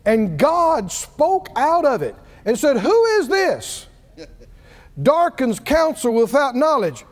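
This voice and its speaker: A man preaching a sermon, telling the story with lively swings in his voice and acting out the people in it. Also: very high-pitched, slow. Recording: reverberant hall.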